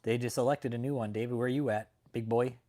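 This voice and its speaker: A man's voice: medium pitch, fairly even intonation, fast talker, dark tone. A man hosting a casual livestream, talking to his chat in a profane, mocking way and laughing often. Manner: greets chat viewers by name. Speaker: livestream host.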